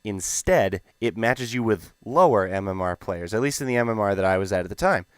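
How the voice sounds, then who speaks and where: A young man telling a gaming story in a rambling, animated, profane way. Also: on the low side, brisk, clear, resonant tone, dry recording, studio quality. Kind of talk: casual storytelling.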